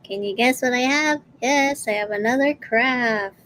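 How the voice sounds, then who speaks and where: A woman's voice: on the high side, unhurried, a bit bright, slight background noise, poor audio. A woman casually showing and selling her own crafts on a live stream, giggly and fond. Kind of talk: casual live sale chat.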